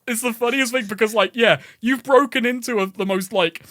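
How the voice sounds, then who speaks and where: A man chats loosely on a podcast, swearing freely and breaking into laughter as he retells a game's plot. His voice is high and bright, with a forceful edge. The sound is dry and close, with no room echo. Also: fairly quick. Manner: sweary, laughs often, rambling. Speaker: podcast co-host. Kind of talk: casual chat recapping a video game.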